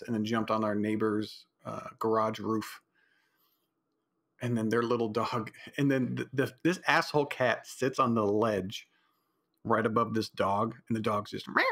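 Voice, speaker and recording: A man's voice: mid-range voice, a little slow, a bit bright. Blunt rambling man hosting a podcast. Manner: rambling, opinionated, blunt with profanity; frequent fillers and restarts. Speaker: podcast host. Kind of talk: casual solo podcast talk. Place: home.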